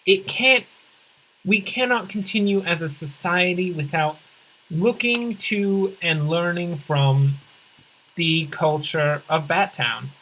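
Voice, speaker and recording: Let's play host, bright edgy tone, middling pitch; deadpan rambling jokester who backpedals mid-thought. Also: takes it slowly, slight background noise, rough recording. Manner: rambling deadpan absurd humor, often correcting themself; swings in pitch and pace for comic emphasis. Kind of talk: casual gameplay commentary.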